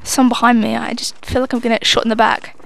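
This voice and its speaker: A woman's voice: a little high, flat delivery, fast, gravelly, fairly bright tone. A young woman giving live gameplay commentary, swearing freely and mocking herself as she plays. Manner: sweary, self-mocking running banter. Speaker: gamer commentator.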